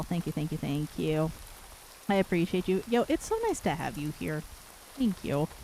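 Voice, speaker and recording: A woman from Canada streaming live and chatting warmly with her viewers, affectionate and giggly, a little worn from losing her voice. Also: lowish voice, slight background noise, low-quality recording. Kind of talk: casual live-stream chat reading viewer messages.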